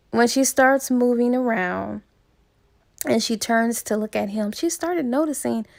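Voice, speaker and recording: A woman's voice: a little high, vocal fry. A woman casually retelling a romance novel's plot as a book reviewer, chatty and full of asides.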